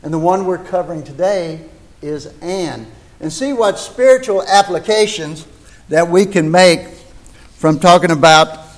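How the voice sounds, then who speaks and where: An older American man preaching a folksy sermon in a church, talking chattily into a microphone and asking rhetorical questions. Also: fairly high pitch. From United States.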